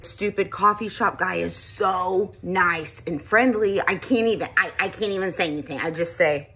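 Exasperated, husky-voiced woman ranting. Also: lowish voice, moderate pace. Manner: exasperated, animated, swearing. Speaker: vlogger. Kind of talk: ranting storytime.

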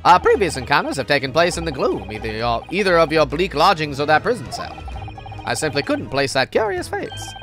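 A woman's voice: sits low, big pitch swings, fairly quick, soft background music, voice pushed down. A woman voicing a pompous, oblivious British detective who speaks very formally.

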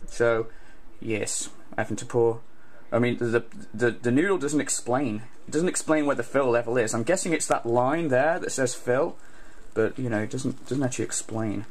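A man's voice: medium pitch, moderate pace, a little hiss or hum, pitched below the performer's own voice, lightly acted. A man putting on an exaggerated parody of a male streamer, rambling and stammering while making noodles. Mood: fussy.

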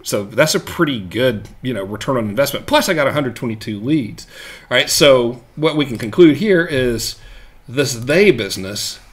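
Casual male marketing coach, average pitch, loose and jokey, chatty check-ins with the viewer. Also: lively intonation, moderate pace. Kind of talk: casual live-streamed teaching.

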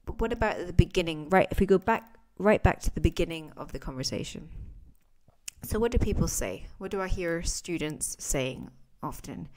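A woman teaching English phrases in a chatty podcast lesson, acting out sample lines with lively intonation. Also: on the low side, moderate pace.

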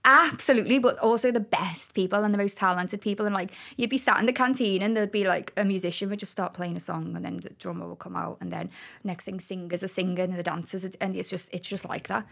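A young woman with a Liverpool accent, chatting as a podcast guest and telling stories in a lively, animated way. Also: medium pitch, quick pace, vocal fry. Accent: Scouse (Liverpool). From Liverpool, England. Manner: animated, chatty storyteller with laughs. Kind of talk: casual podcast chat.

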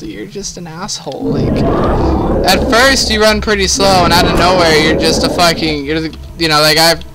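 A man's voice: a little high, gravelly, background noise. A young man giving let's play commentary, exasperated and swearing heavily, talking straight to the game. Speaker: gaming video host.

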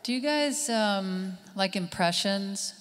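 A woman comedian performing a stand-up set live on stage, with a dry, deadpan delivery. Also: medium pitch, takes it slowly. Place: stage at a live summit event, indoors. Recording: live hall reverb, faint room noise.

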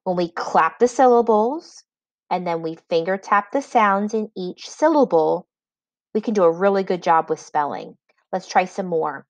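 A woman teacher giving a spelling lesson, dictating words slowly and patiently with clear enunciation. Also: lowish voice, no echo, rough recording.

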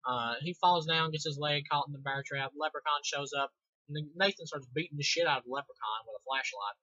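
A man's voice: fairly high pitch, brisk, sharp tone, no echo. Profane sarcastic young guy reviewing. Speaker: movie reviewer. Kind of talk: casual movie review. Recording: dull lo-fi home recording.

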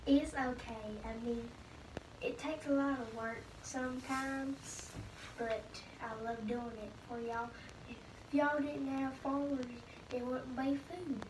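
A young woman puts on a down-home farmer who talks simply and earnestly. The voice sits high and sounds distant, bouncing around a roomy space. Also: steady tone, takes it slowly, noisy background. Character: folksy young male farmer. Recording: echoey room from a distance.

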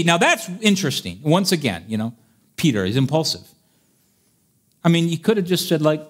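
A man's voice: fairly high pitch, sing-song, normal speed, long pauses. A man preaching a sermon in a chatty, playful way, reading old-fashioned scripture and acting out the scenes.

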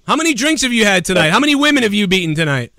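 A man's voice: high-pitched, very animated, rapid-fire, creaky, pushed and bright. A man hosting a show, arguing heatedly with a caller and mocking him with insults. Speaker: show host. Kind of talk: heated call-in argument.

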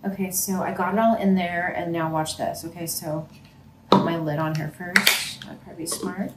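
Talking directly to her phone camera, a woman makes a casual, upbeat, chatty vlog for her fitness channel, moving from her kitchen to a gym. She has a lowish voice with fairly even intonation and a moderate pace; the room echoes and there's background noise.

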